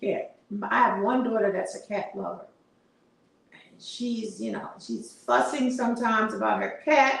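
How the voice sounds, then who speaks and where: Her slightly high, gravelly voice moves a little slowly as this middle-aged host chats on a casual livestream. She laughs often and reads comments aloud, recorded far from the mic in a heavily echoing room.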